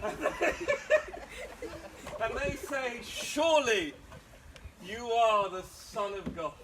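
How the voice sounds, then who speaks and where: A man preaching as a pastor, telling a Bible story in a playful, animated way with frequent laughs. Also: extremely high pitch, noisy background. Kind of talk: lively Bible storytelling sermon.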